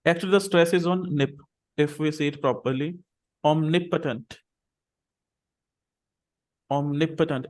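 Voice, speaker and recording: A man with a slightly raised pitch teaches English to a small online class. He speaks patiently over a video call. He says words slowly and repeats them so his students can copy them.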